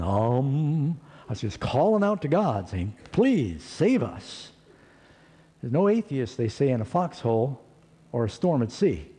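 Animated man preaching in a big hall. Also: on the high side, husky. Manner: animated storyteller, acts out quotes. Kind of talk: sermon storytelling. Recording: long hall reverb.

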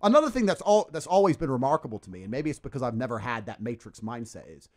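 A man ranting as a podcast guest in a forceful, profane, emphatic way. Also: mid-range voice, lively intonation, quick pace. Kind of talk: ranting casual talk.

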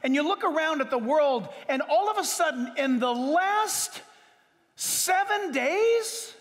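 Emphatic high-pitched male pastor preaching. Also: lively intonation, fairly bright tone. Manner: emphatic preacher with sudden pitch jumps and drawn-out words. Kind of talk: sermon. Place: church sanctuary. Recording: reverberant hall.

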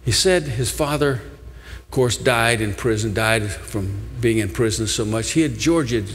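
A man's voice: medium pitch, unhurried, fairly bright tone, slight background noise. An older man preaching a sermon as pastor, telling a story in an earnest manner and pleading with his listeners. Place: large church sanctuary. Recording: long church hall reverb.

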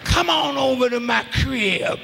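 A man, preaching in a large arena, putting on a smooth-talking young man who croons pickup lines at a woman. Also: very high voice, a little slow, voice pushed down, heavily acted. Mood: coaxing. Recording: live arena hall with faint crowd noise.

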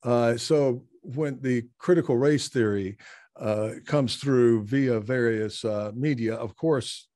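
A man hosting a podcast interview, talking thoughtfully and hesitantly with frequent pauses. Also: medium pitch, dark tone, dry recording, clean studio sound. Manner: hesitant, many uh fillers, thoughtful. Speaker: podcast host. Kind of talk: conversational interview. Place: Tokyo.

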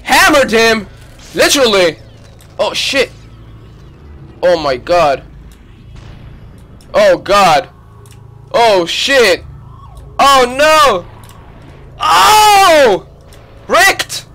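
High, bright excitable male streamer. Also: very slow, long pauses. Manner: excitable, loud exclamations and swearing. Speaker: gaming streamer. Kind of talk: live gameplay commentary.

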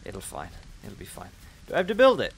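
A man hosting a gaming video, giving playful, self-mocking let's-play commentary that breaks into loud excited yelps. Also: medium pitch, a little fast, a little hiss or hum. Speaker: gaming channel host.

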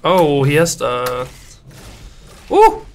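A man's voice: a little high, normal speed, fairly bright tone, slight background noise. A young man, a game developer judging player builds in casual, playful gameplay commentary full of teasing banter. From Denmark.

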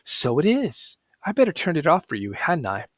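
A man's voice: on the high side, huge pitch swings, moderate pace, fairly bright tone, no echo, pitched above the performer's own voice, exaggerated voice. A man voicing a pleading grieving housewife. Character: grieving housewife, woman, quietly scheming.

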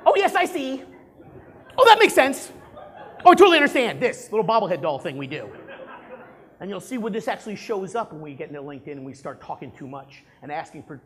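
Lively, high-voiced man quizzing a crowd. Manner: animated, quizzes the audience, acts out examples. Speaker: sales trainer giving a talk. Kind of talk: live presentation to an audience.

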